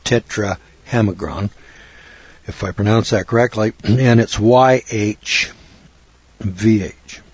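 A man's voice: fairly low pitch, fairly even intonation, slow, pauses often, slightly rough, no echo, lo-fi sound. An older man from the western United States talking in a folksy, rambling way about names and scripture, often spelling words out letter by letter. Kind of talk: casual religious talk, answering a question.

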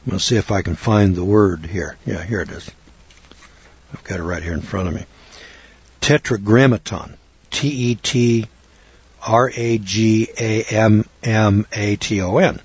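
Rambling older man, husky voice. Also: on the low side, measured pace, pauses often, no room sound, highs cut off. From western United States. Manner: rambling, folksy, spells words out letter by letter. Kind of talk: casual religious talk, answering a question.

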